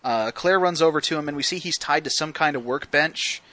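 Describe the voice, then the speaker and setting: A man's voice: fairly high pitch, fairly quick, bright, forceful tone. A man hosting a casual podcast that breaks down a film, wry and detailed, quoting scenes as he goes. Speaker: podcast host.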